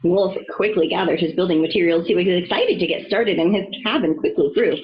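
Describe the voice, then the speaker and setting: A woman reading a children's storybook aloud, expressive and storytelling. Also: fairly low pitch, fairly quick, muffled recording, slight background noise. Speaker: reader.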